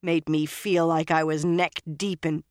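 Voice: mid-range voice, little pitch movement, unhurried, no echo, clean studio sound, natural voice. An audiobook narrator voicing a shaken young woman freed from captivity, her voice quivering, then turning bitter. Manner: quivering, rising to sharp outbursts.

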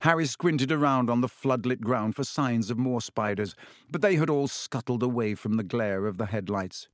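A man narrating a storybook in a steady, even way, at a middle pitch for a man. He is recorded close on a studio mic, and the sound is dry, with no room echo. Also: normal speed. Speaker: audiobook narrator. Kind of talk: scripted narration.

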